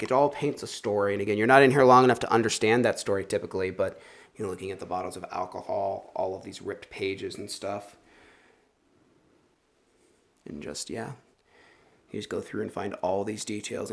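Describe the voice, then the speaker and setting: Chatty low-voiced male host. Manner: enthusiastic, chatty, laughing often. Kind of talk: casual walkthrough commentary. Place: inside an old industrial building.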